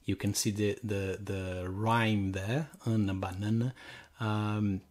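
Slow, husky-voiced male lecturer. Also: lowish voice, steady tone, a little mellow. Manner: slow and halting, many fillers and restarts. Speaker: university language lecturer. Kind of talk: recorded sample lecture.

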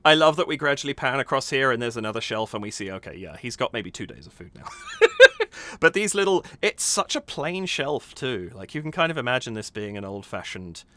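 Lively, bright-voiced man reacting excitedly. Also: medium pitch, fairly quick, faint music behind. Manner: animated, enthusiastic, laughs often, hums rhythms. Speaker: host reacting to a music video. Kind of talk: casual reaction commentary.

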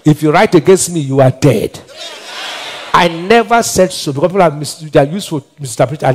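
A Nigerian pastor delivering a fervent sermon in a fairly high-pitched voice. He drops into low, confiding asides, then rises into shouted declarations. His delivery is emphatic and driving. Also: a little fast, slightly rough. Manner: emphatic preaching with decrees, swinging from quiet asides to shouts.

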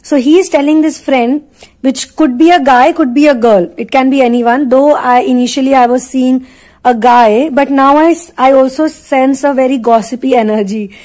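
Woman, tarot reader, rambling reading, lots of fillers, fairly high voice. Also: steady tone, moderate pace, darkish tone, poor audio. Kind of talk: intuitive reading monologue.

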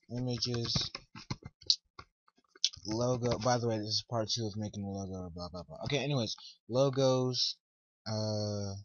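A teenage boy recording a casual coding tutorial, rambling and talking to himself, easily frustrated. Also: lowish voice. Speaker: tutorial maker. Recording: dull lo-fi mic with loud hiss. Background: keyboard and mouse clicks.

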